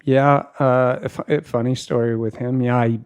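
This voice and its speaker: With a smooth, mid-range voice at a moderate pace, this man in his fifties spins casual stories. He's a surfer and filmmaker from California who performs the dialogue animatedly and frequently starts over.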